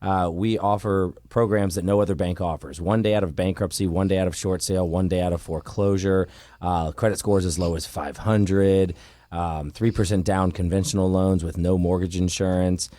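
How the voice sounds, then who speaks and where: A man's voice: low-pitched, steady tone, moderate pace, dark tone, no echo. A man who runs a mortgage company, speaking as a guest in a radio studio in an easygoing way, often repeating words as he starts. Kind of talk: casual radio interview.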